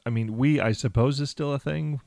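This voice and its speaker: A man hosting a casual podcast, telling a story in a halting way with many restarts and easy laughter. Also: medium pitch, vocal fry, a little mellow, no room sound, clean studio sound. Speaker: podcast host.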